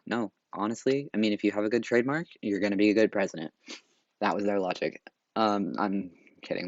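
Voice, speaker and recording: Late at night, a tired, slightly breathless young man rambles sarcastically through history in a casual study narration, full of fillers. His deep, somewhat mellow voice is recorded through wireless earbuds, sounding muffled with no room sound.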